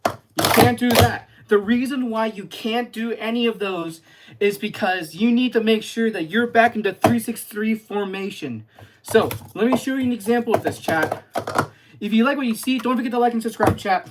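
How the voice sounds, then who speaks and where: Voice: mid-range voice, normal speed, slight background noise. A casual livestreamer teaching cup stacking step by step while chatting with viewers. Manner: chatty, addresses live chat, explains step by step. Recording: clear clatter of plastic cups.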